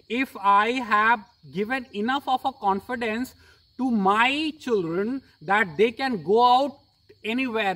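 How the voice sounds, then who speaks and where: Measured English teacher interviewing a guest. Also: mid-range voice, a bit bright, far from the mic, rough recording. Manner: measured, explanatory, addresses guest as "sir". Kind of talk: reflective interview talk.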